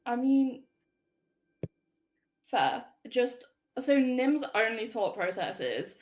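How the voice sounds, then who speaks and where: A woman's voice: fairly high pitch, big pitch swings, slow pace, pauses often, slight background noise. A woman taking part as a player in a tabletop game, rambling with many fillers as she describes her character's actions.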